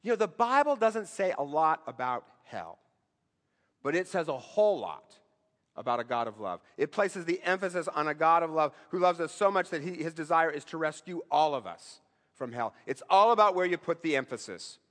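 A man with a fairly high voice delivers a sermon as a pastor. He talks to the congregation like a conversation, leaning on rhetorical questions. He builds to strong emphatic lines and then falls to a quiet hush, with the long reverb of a large hall around him. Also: big pitch swings, normal speed. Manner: rises to emphatic bursts, then drops low and quiet.

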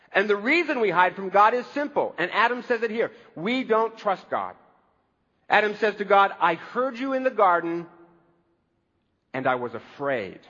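High-voiced pastor in a reverberant hall. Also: male voice, a bit bright, muffled recording. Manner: conversational preaching with humor. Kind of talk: sermon.

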